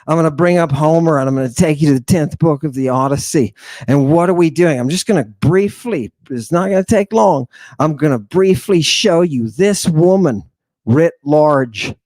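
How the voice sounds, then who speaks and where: A man's voice: a little high, normal speed, a little mellow, no echo. A man giving a casual, irreverent lecture, joking and cutting himself off mid-thought. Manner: irreverent, joking, talks over himself and restarts.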